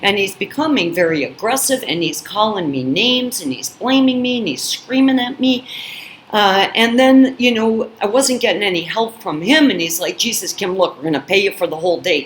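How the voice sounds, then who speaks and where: Emphatic woman telling her story, echoey room. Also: mid-range voice. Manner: emphatic, frequent "you know" and "I mean". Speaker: channel host. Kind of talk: personal storytelling to camera. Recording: echoey room with faint background noise.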